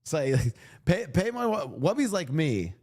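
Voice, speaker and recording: Lively joking male streamer. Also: a little high, a little slow. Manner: rambling, joking, many restarts and fillers. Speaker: streamer reacting to clips. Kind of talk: casual reaction commentary.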